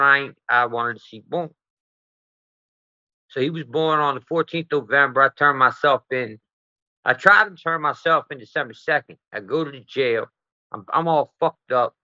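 A man's voice: medium pitch, sharp tone, dry recording, dull audio. A man as an interview guest, telling a profane, rambling story and tagging his sentences with "right?".

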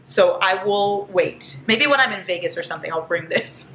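A woman's voice: mid-range voice, a little fast. Gushing woman in an echoey room. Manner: gushing and excitable, squealing over items. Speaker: book vlogger. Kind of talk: casual vlog haul. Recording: echoey room with faint hiss.

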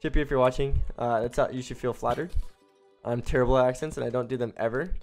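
A young man giving casual, rambling commentary as he streams a video game, breaking into excited exclamations and cutting himself off mid-sentence. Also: medium pitch, quick pace. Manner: chatty and rambling, with excited exclamations and self-interruptions. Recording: faint game music behind.

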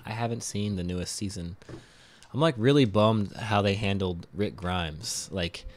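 A man's voice: lowish voice, measured pace, slight background noise. A man streaming a game from home, chatting casually, joking, swearing and laughing often. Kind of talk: casual live gaming stream chat. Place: home room.

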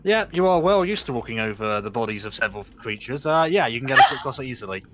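A man's voice: medium pitch, lively intonation, quick pace, very noisy. A man narrating a tabletop game as game master, casual and stumbling over restarts as he describes the scene.

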